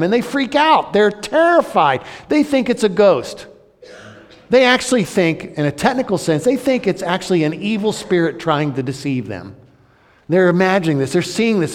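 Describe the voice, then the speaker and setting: A male pastor preaching a sermon, dramatic, swinging between loud, high outbursts and hushed, low passages. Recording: long hall reverb.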